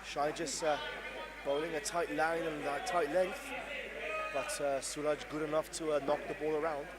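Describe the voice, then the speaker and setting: A man giving live cricket commentary, excitable, breaking into shouts when something big happens. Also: on the high side, moderate pace. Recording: noisy crowd at an indoor venue. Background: crowd and venue noise.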